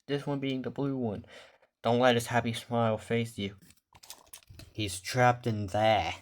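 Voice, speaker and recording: A man's voice: medium pitch, steady tone, measured pace. A man casually showing his toy collection in a vlog, rambling off the cuff and swearing when the camera loses focus. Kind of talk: casual show-and-tell vlog.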